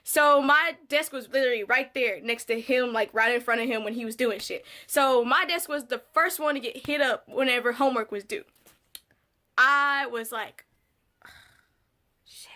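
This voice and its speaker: Young woman, high bright voice, casual storytime vlogger; candid, salty, acts out the scenes. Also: normal speed. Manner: candid, swearing, animated re-enactments.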